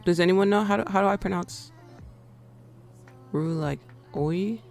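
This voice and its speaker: A woman's voice: medium pitch, unhurried, vocal fry, darkish tone, soft background music. An American woman hosting a live trading stream, chatting playfully with her viewers and laughing often. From United States. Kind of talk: casual live-stream chat.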